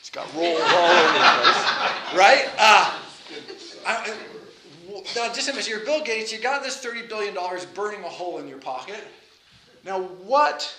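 A man giving an informal lecture in a chatty, animated way, with self-deprecating asides. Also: high voice, normal speed, reverberant, a little hiss or hum, low-quality recording.

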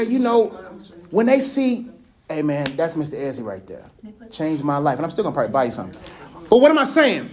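A man giving a casual sermon, telling stories in an animated, conversational way and laughing often. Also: extremely high pitch. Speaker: speaker.

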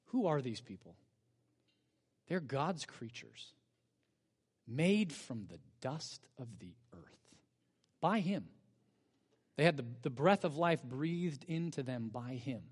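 A man's voice: a little high, animated, measured pace, long pauses. A male pastor preaching a sermon, telling the story with energy and asking the congregation rhetorical questions. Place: church sanctuary. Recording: long church-hall reverb.

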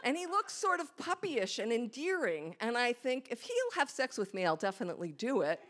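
A woman's voice: on the high side, huge pitch swings, a little fast, fairly bright tone. Candid woman telling a story on stage. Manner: candid, self-mocking, acts out her own thoughts. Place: small hall with a live audience.

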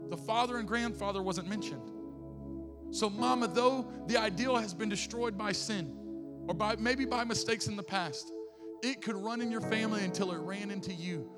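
A man preaching an impassioned sermon in a church, swinging between loud and soft. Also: sits high, moderate pace. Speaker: pastor. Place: church sanctuary. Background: music playing.

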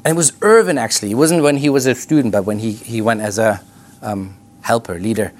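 A man teaching a ministry school class, telling lively outreach stories and acting out the voices of the people in them, with frequent restarts. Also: on the low side, brisk. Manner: animated storyteller, acts out quoted voices, frequent restarts.

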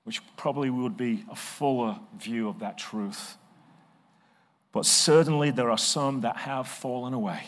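A middle-aged male pastor preaching a sermon, swinging from soft, slow passages to loud, emphatic ones. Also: mid-range voice.

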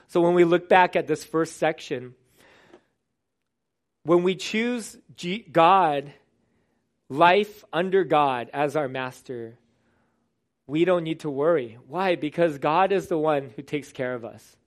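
Earnest male preacher, slightly high voice. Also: takes it slowly, pauses often. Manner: earnest, conversational preaching with restarts. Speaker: pastor. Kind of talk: sermon.

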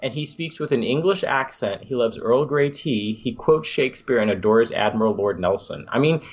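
A man's voice: fairly low pitch, husky. Enthusiastic podcast host man, lo-fi sound. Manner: enthusiastic, rambling, nostalgic. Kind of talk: casual podcast chat.

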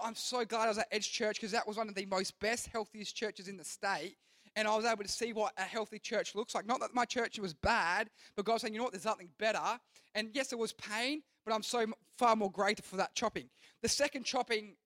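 A man's voice: high-pitched, a bit bright, no echo. A young man preaching to a youth group as their pastor, earnest and rambling, often restarting his sentences. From Australia. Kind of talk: youth sermon.

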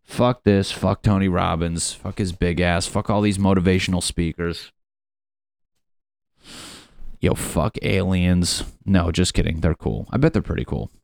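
A man's voice: low-pitched, steady tone, a little slow, creaky, darkish tone, no room sound, clean studio sound. A young adult man ranting in a rambling, profane, comedic monologue full of fillers.

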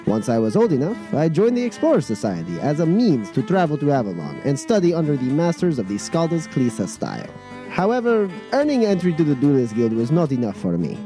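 A man's voice: medium pitch, dark tone. A man voicing a proud, seasoned male swordsman giving a grand, declaiming introduction of himself for an audio role-play. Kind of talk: scripted character introduction.

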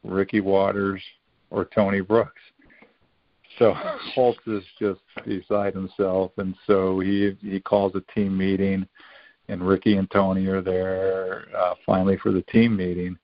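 A man in his fifties tells old stories in a loose, rambling way, doubling back and acting out quotes. His voice is low and gravelly. The recording sounds dry and a bit dull, with a lo-fi edge. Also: level tone, unhurried, no room sound. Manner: rambling, full of restarts and quoted dialogue. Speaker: podcast guest, former college football player. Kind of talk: casual storytelling.

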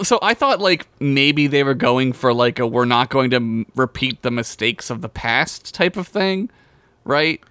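A man's voice: medium pitch, a bit bright, clean tone, dry recording. A man co-hosting a podcast, chatting casually about a TV episode in a laid-back way, saying dude and like often. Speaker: podcast co-host. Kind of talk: casual chat recapping a TV episode.

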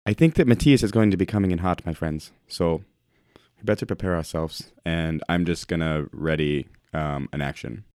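A man's voice: low voice, moderate pace, a little mellow, no echo, clean studio sound. A man playing a tabletop role-playing game, talking in a casual, laid-back way with lots of fillers. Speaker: player. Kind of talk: tabletop role-play chat.

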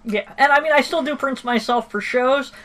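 A woman's voice: high-pitched, moderate pace, a bit bright. Female co-host, dry wit, casual banter. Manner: wry, joking asides. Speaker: podcast co-host. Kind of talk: casual chat.

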